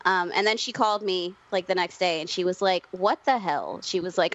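A woman tells a story in an easy, casual way and slips into a higher voice whenever she quotes her mother. The recording sounds dull and lo-fi, as if it was passed through a cheap channel. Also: normal speed, no echo. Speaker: comics writer, guest.

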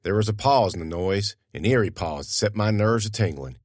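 Man, audiobook narrator, folksy storytelling, lively inflection, dry close sound. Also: on the low side, brisk, dry recording.

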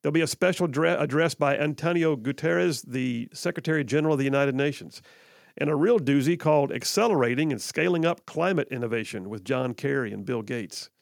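A man's voice: mid-range voice, a little fast, vocal fry, dry recording. A man hosting a political talk radio show, delivering an emphatic, folksy monologue full of sarcastic asides into a studio microphone.

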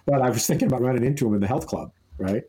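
Podcast co-host, male, mellow tone, loose rambling storyteller. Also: mid-range voice, racing, poor audio. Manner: rambling, amused anecdote-telling with many restarts. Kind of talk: casual storytelling chat.

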